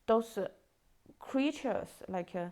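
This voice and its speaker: A woman's voice: a little high, animated, slow pace, darkish tone. A woman hosting a podcast in casual chat, talking animatedly with many fillers and acted-out quotes. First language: Chinese. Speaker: podcast host.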